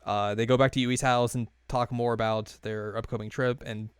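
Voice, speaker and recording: A man's voice: mid-range voice, little pitch movement, normal speed, clear, resonant tone, dry recording. Young male podcast co-host, casual rambling recap, clean resonant tone, dead-dry room. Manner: rambling, many fillers, laughs while retelling scenes.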